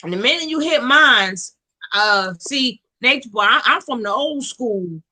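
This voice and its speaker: A woman hosting a casual gossip livestream, animated and slangy, quick to laugh. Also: fairly high pitch. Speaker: livestream host.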